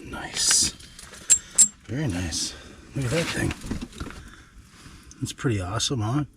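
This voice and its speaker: Slow-talking man narrating a fishing vlog. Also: mid-range voice, background noise. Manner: murmurs softly at the fish, bursts into excited exclamations. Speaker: fishing vlogger. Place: ice fishing shelter with a heater.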